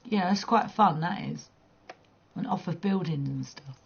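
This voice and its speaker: A woman chats and teases her viewers while gaming, blunt and quick to swear. Her voice is husky and breathy, with a gravelly edge. The sound is dull and lo-fi, like a cheap stream mic. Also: lowish voice, expressive. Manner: blunt, teasing, swears freely, laughs often. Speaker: livestreamer. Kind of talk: casual chat while gaming.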